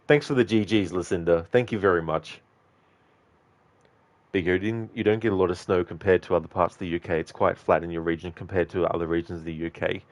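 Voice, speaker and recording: A man's voice: sits low, dry recording. A man streaming a video game, chatting casually with his live viewers, greeting and answering them by name in a loose, rambling way. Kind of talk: casual chat with live viewers while playing.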